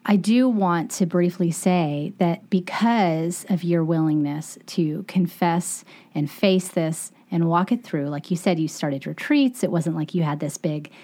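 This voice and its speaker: A woman's voice: lowish voice, a little slow, few pauses, dark tone. A woman hosting an interview, who listens supportively and affirms her guest. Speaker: podcast host.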